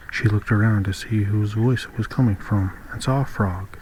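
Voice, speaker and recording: A man reading a fairy tale aloud in calm, measured scripted narration. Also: fairly low pitch, a little hiss or hum, rough recording. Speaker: audiobook reader.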